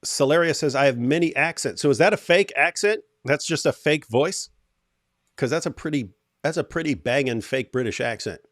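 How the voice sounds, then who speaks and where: A man's voice: a little high, lively intonation, moderate pace, a bit bright, no echo. Dry-sounding man hosting a live chat. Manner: thinks aloud, reads chat comments. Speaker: host. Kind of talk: casual livestream chat.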